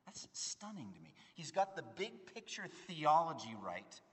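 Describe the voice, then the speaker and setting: A man preaching a sermon in an earnest, emphatic way, swinging between loud stresses and hushed phrases. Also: a little high, sing-song, normal speed. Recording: long hall reverb.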